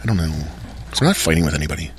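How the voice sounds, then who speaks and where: A man hosting a podcast, telling a story in casual chat with animated quoted voices. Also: extremely low pitch, racing, a little hiss or hum. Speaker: podcast host.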